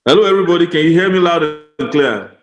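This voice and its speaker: Halting man moderating a video call. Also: on the high side, expressive. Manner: halting, filler-heavy, coordinating. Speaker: moderator of an online rally. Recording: roomy call audio.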